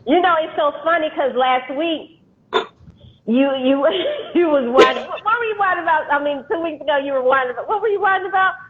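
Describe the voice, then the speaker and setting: A woman co-hosting a casual live-stream chat, animated and teasing, laughing often, on a video call. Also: high voice, a little fast, slight background noise. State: going through menopause. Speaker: co-host, life coach. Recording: tinny phone-line sound.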